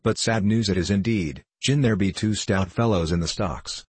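A man reading a storybook, voicing a boastful, quick-tempered male tinker in old-fashioned archaic speech. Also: fairly low pitch, breathy edge, dry recording.

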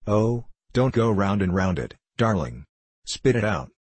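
A man's voice: on the low side, very animated, a little slow, darkish tone, slightly rough, no echo, heavily acted. Man reading as gushing old landowner. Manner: showers everyone with pet names. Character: effusive elderly male landowner, gushing and fussy. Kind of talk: audiobook play reading.

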